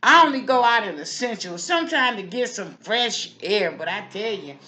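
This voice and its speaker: A woman's voice: mid-range voice, lively intonation, normal speed, pushed and bright. A woman playing a gossipy, nosy neighbor lady who watches the street from her window, in a folksy, chatty comic monologue full of repeated asides. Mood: preachy.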